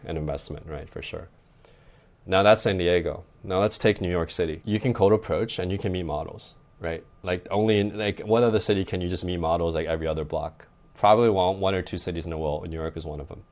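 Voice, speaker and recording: A young adult man, a dating coach, gives casual advice on a podcast in a low voice that's fast with fairly even intonation. His talk is loose and conversational, peppered with "like" and "right?" tags.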